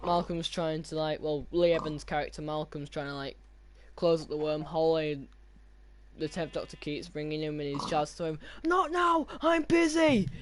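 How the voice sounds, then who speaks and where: Young guy on a podcast, bit high-voiced and hesitant, faint hissy recording. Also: little pitch movement, normal speed, darkish tone. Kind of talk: casual chat while gaming.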